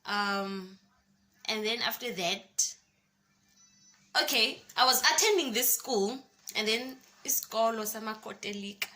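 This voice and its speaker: A young woman with a South African accent, telling a personal story to her vlog viewers in an expressive way and calling them guys. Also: a little high, a little slow, long pauses. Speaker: YouTuber.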